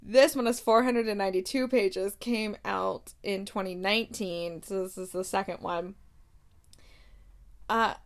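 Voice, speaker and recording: A woman's voice: mid-range voice, fairly even intonation, unhurried. Laughing, incredulous woman reviewing books. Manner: laughing, incredulous, reads blurbs aloud. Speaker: book vlogger. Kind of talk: casual book review chat.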